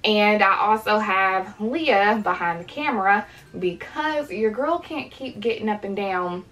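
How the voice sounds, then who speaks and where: A young woman in late pregnancy, out of breath and breathy, chatting to viewers in a casual unboxing vlog. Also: medium pitch, lively intonation, a little slow, a bit bright, poor audio. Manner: chatty, addresses viewers as "you guys". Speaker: vlogger.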